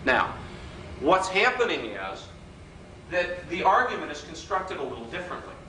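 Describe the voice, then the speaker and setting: A middle-aged man giving a live workshop lecture in a hotel function room, an animated, wisecracking storyteller who mimics the people in his stories. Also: fairly high pitch, normal speed. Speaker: workshop speaker. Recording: roomy hall recording with faint background noise.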